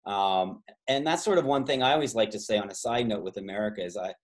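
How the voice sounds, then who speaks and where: Speaking fast in a lowish voice, this Canadian trivia host and tour guide leads a travel trivia game on a video call. He wanders off into side stories, padding them with plenty of fillers.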